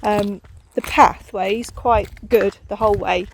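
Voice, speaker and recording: A woman from England talks casually to the camera on a country walk, hesitating often with ums. Her voice sits at an ordinary middle pitch. A faint wash of outdoor noise sits behind her. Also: fairly even intonation, measured pace. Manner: chatty, hesitant with many ums. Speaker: vlogger. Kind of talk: casual vlog chat. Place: outdoors in hills.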